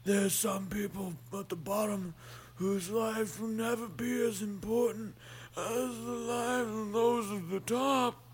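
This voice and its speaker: A man's voice: high voice, steady tone, measured pace, voice pushed up. A man mocking a cold arrogant villain. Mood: haughty.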